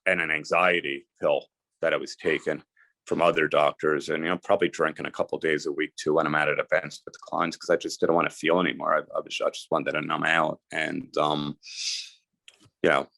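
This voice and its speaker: A man's voice: a bass voice, little pitch movement, fairly quick, vocal fry, a bit bright, no echo. A middle-aged man from New Jersey, a guest telling his life story in earnest, emphatic, casual talk. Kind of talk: candid storytelling interview.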